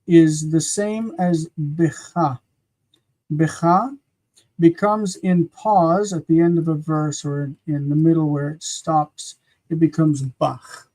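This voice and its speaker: A grammar teacher leads a live-streamed lesson at an unhurried, deliberate pace. The voice is mellow and soft-edged, and the teacher stops often to think, then repeats key words slowly so they sink in. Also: medium pitch. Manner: slow, patient explaining with frequent "uh" pauses; spells out forms aloud and repeats words slowly.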